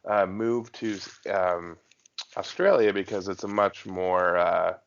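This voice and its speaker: A man's voice: low voice, slow pace, creaky, lo-fi sound. A man co-hosting a podcast in casual chat, rambling with lots of fillers and restarts. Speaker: podcast co-host.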